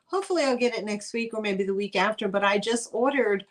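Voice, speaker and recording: A woman's voice: medium pitch, quick pace. A woman hosting a casual live-stream vintage sale, chatty and rambling with lots of fillers. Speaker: host selling vintage items.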